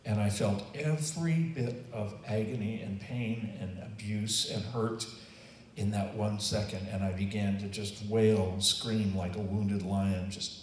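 Older man, earnest testimony, lowish voice, heard from a distance in a roomy space. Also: steady tone, measured pace, a little hiss or hum. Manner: earnest, emotional, quotes himself and others in acted voices. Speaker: testimony speaker. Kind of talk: personal testimony storytelling.

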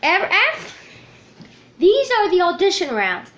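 A woman hosting a homemade plush puppet comedy, rambling and upbeat. Her voice is high and lively, and she talks at an unhurried pace. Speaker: show host.

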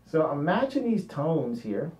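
A very animated man with a higher, darkish-toned voice speaks a little slowly while narrating a painting demonstration. He muses aloud and often trails off mid-sentence, recorded from afar in a roomy, dull, lo-fi way.

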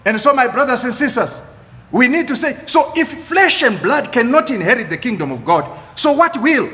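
A man preaching a sermon as pastor, emphatic, repeating key phrases with dramatic pauses. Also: extremely high pitch, sing-song, bright, forceful tone. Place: church. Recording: echoey church hall.

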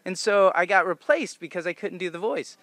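Animated laughing man telling stories. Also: high-pitched, a little fast, no echo. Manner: animated, laughs often, acts out quotes. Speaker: voice actor guest. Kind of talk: convention interview storytelling. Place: convention venue.

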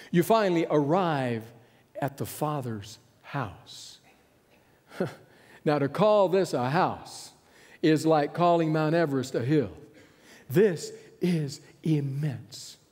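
A male pastor tells his sermon as a vivid, animated story, his voice rising and falling widely while he takes his time. He chuckles often along the way. The sound carries a long reverb, as in a large hall. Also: on the high side, slightly rough.

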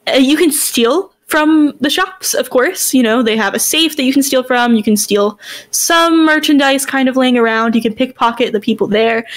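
A woman with a high, light voice chats on a podcast about game details. She talks with easy enthusiasm in a casual, friendly way. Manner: chatty and enthusiastic, laughs easily. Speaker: podcast co-host.

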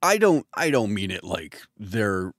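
A man co-hosting a live improvised comedy stream, delivering lines in a dry, deadpan way. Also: fairly low pitch, unhurried, no echo. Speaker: co-host.

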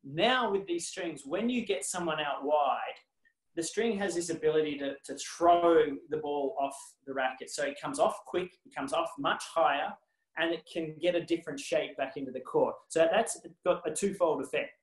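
Australian ex-athlete guest, lively anecdotes, restarts, roomy echo on a video call. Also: male voice, a little high, moderate pace. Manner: animated anecdotes with many restarts and laughs. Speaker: former tennis player, guest. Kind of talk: casual storytelling on a video call.

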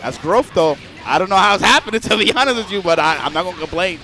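A young man commentating a fighting game live, excitable and joking with chat, swearing freely. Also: sits high, fast, soft background music.

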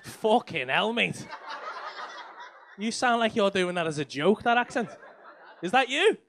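A young man works the crowd at a comedy club, swearing freely and teasing people in the front rows. His voice sits high and sounds bright and sharp. His pitch swings widely from line to line. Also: expressive, normal speed, slight background noise. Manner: sweary, teasing banter with the audience. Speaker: stand-up comedian. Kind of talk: crowd work stand-up.

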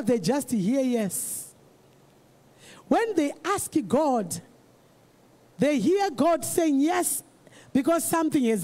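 Very high-pitched emphatic preacher. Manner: emphatic and repetitive, rising to shouts. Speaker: pastor. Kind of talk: sermon.

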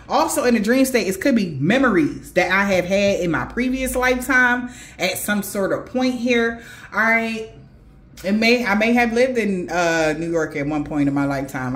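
A woman intuitive reader telling a dream story in a casual, profane way, with laughing asides. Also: mid-range voice. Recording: roomy echo.

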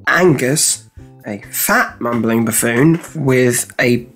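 A man's voice: medium pitch, slow, fairly bright tone, soft background music. A man hosting a comedy podcast and telling a story in casual chat, laughing and swearing. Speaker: podcast co-host.

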